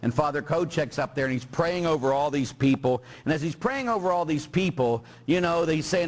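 Middle-aged male priest, animated homily storyteller, fairly high voice, big swings in pitch. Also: a little fast, hardly any pauses. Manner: animated storyteller, acts out quoted people and sound effects, keeps tagging "huh?". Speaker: Catholic priest.

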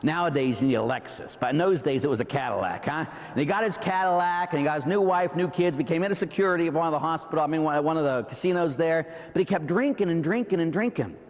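A middle-aged man with a Pittsburgh accent, a priest preaching a sermon in a church, animated, with rhetorical questions and asides to the congregation. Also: on the high side, fast talker, few pauses. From Pittsburgh, USA. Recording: long reverb in a large hall.

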